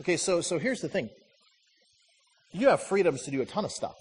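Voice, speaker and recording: A middle-aged man preaching a sermon as a pastor, telling stories with lively ups and downs and driving home short repeated lines. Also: fairly high pitch, a little fast, husky, long reverb tail. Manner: animated storytelling with punchy repeated lines.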